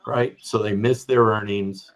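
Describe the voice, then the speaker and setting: Speaking at a measured pace with a lowish voice and fairly even intonation, a business strategy executive guesting on a remote podcast illustrates his ideas with examples. He is middle-aged or older, keeps asking "right?", and the low-quality recording has slight background noise.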